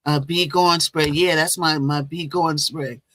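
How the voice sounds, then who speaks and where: A woman's voice: low-pitched, steady tone, unhurried, fairly bright tone. A woman hosting a casual live stream, chatting and repeating herself as she greets viewers. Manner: chatty, repeats phrases, talks to viewers directly. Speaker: livestream host.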